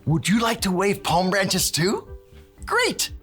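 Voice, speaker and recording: Guy doing a peppy handyman for kids, slow and clear, voice leaps way up on cheers, music under it. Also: high voice, huge pitch swings, fairly bright tone, heavily acted. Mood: cheery. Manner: bouncy, call-and-response with kids, bursts of cheering. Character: cheerful handyman who drops Spanish words. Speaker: children's ministry presenter.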